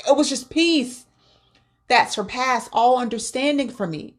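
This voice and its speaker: Earnest woman sharing faith advice. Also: a little high. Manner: earnest, repeats words while searching for them. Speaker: faith-based grief vlogger. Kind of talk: personal spoken advice.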